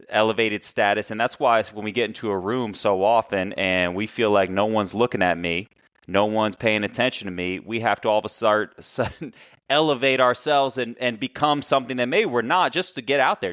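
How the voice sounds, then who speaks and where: A man as a podcast guest and coach, talking in casual, animated conversation and telling stories, often correcting himself. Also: lowish voice, normal speed, no echo, studio quality. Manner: animated storyteller, chatty, self-correcting.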